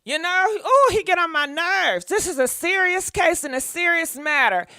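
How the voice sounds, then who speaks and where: High bright-voiced lady spilling celebrity tea, dry close sound. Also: expressive, normal speed, no room sound. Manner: sassy, laughing, talks back at celebrities. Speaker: gossip show host. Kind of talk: casual live gossip commentary.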